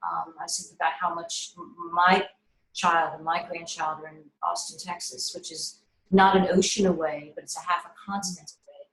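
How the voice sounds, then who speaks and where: A middle-aged woman filmmaker speaks over a video call, telling stories in an animated way with lots of restarts. Her voice sits a little low. The room around her echoes noticeably. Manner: animated, with frequent restarts and fillers. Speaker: filmmaker being interviewed. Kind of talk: casual conversational storytelling.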